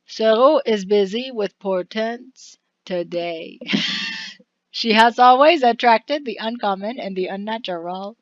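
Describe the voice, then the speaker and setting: A woman's voice: on the high side, unhurried, dry recording, dull audio. A woman casually narrating a video game, reading its text aloud with chatty asides and frequent laughs. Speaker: let's-play narrator.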